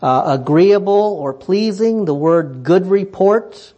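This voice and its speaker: A man preaching a sermon, asking pointed rhetorical questions and swinging between fervent high emphasis and quiet, low asides. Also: animated, slow pace, dull audio. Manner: emphatic, rhetorical questions, rising passionately then dropping low.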